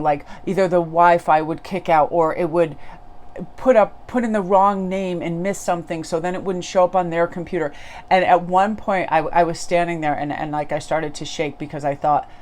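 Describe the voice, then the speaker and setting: A woman's voice: low voice, a little mellow, a little hiss or hum. A middle-aged woman, a tarot reader, telling a personal story in an earnest, casual spiritual monologue.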